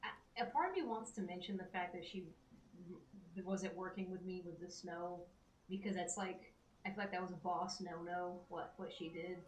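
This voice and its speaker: A woman's voice: fairly low pitch, moderate pace, reverberant, slight background noise, poor audio. A woman chatting casually with her partner in the background of his live stream, offhand and talkative. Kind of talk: casual off-mic chat.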